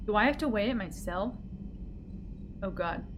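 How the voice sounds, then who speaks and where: A woman's voice: medium pitch, animated, moderate pace, noisy background. A woman streamer chatting casually with her live chat, giggly and playful as she reads messages aloud.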